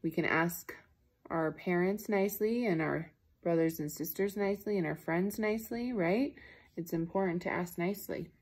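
A teacher reading a picture book to young children, pausing to ask them gentle questions. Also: female voice, on the low side, breathy edge. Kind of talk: children's read-aloud.

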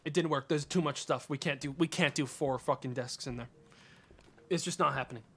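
A male streamer giving live game commentary, exasperated and swearing, with sudden yells. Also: fairly high pitch, a little fast, husky.

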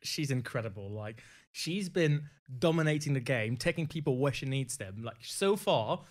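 A man's voice: medium pitch, lively intonation, normal speed. A man hosting a podcast, steering the casual chat with questions. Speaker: podcast host.

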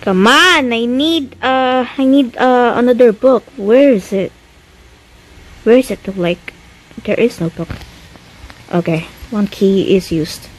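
A woman whose voice sits on the high side speaks slowly and pauses often, the audio poor. As a YouTuber playing a horror game, she chats to herself, jumps at every scare, swears a lot, and her hands shake.

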